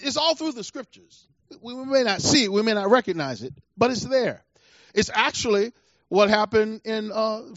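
A middle-aged man preaching a sermon with animated delivery, acting out voices from scripture and laughing at his own asides. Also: very high voice, dry recording. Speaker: pastor. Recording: dull lo-fi sound.

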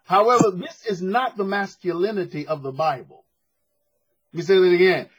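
A man's voice: high-pitched, normal speed, slightly rough, dull audio. A man preaching a sermon to a congregation in a church, emphatic and conversational, calling for responses. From United States.

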